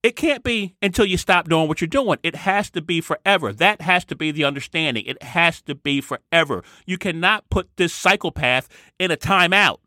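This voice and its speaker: Bright, emphatic male vlogger. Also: on the high side, lively intonation, normal speed, dry recording, studio quality. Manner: emphatic, repeats key phrases. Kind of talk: opinion commentary monologue.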